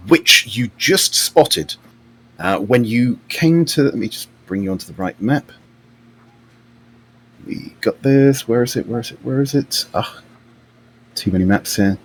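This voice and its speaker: A man, narrating a tabletop game as game master. He talks in a chatty way, with many fillers and restarts. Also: medium pitch.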